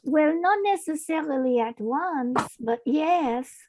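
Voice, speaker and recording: A woman's voice: high-pitched, slow, a little mellow. A woman player role-playing in character at a tabletop game, polite and prim.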